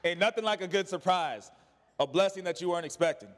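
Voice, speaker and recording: A man with a high voice preaches a sermon. He swings from urgent, raised lines down to hushed, low ones. His voice rings out with a long reverb, as in a church hall. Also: fast, noisy background. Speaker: pastor.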